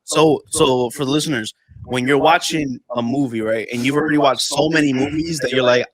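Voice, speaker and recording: A young man co-hosting a casual podcast chat, animated and profane, joking with friends. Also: mid-range voice, brisk, poor audio. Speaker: podcast co-host.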